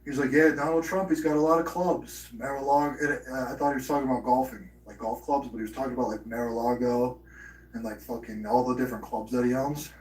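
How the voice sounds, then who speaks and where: A man's voice: medium pitch, fairly even intonation, fast, recorded from a distance. Profane rambling man, roomy and off-mic. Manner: profane, rambling, breaks into mock impressions. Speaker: livestream host. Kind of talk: rambling live-stream chat.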